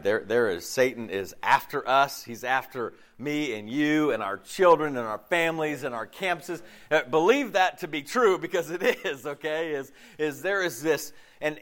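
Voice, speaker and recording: A male pastor giving a casual sermon, his voice hoarse and deeper than usual from a lost voice, rambling with many fillers and restarts before a congregation. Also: fairly bright tone. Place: church service before a congregation.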